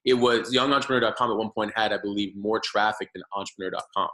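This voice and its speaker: A man in his thirties sits as a guest on a podcast and tells his story. He talks in a loose, rambling way, with lots of fillers and restarts. His voice sits a little low but sounds bright and forward. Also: fast, low-quality recording. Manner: rambling, many fillers and restarts, animated retelling. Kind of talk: casual storytelling interview.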